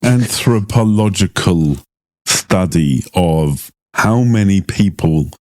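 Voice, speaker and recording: Slow, deep-voiced middle-aged man. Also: expressive, darkish tone, no echo, clean studio sound. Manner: unhurried, agreeable, gropes for words with fillers. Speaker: podcast co-host. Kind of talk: casual podcast chat.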